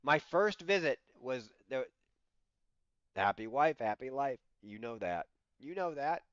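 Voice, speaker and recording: A man's voice: medium pitch, very animated, unhurried, a bit bright, no echo, lo-fi sound. A man in his sixties chatting casually on a livestream, telling stories with frequent laughs and acting out what he said. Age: 60s. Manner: chatty storytelling, laughs often, acts out his own quoted lines. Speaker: livestream host.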